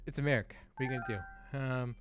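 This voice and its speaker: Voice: medium pitch, fairly even intonation, rapid-fire, noisy background. A let's play host giving casual gameplay commentary in a rambling, hesitant way, swearing now and then.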